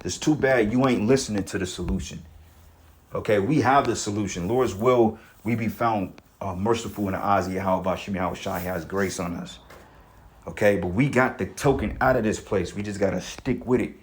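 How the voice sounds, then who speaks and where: A man's voice: on the low side, a little fast. A man reading news stories aloud and commenting between them in a rambling, profane, streetwise way, often repeating and restarting his words.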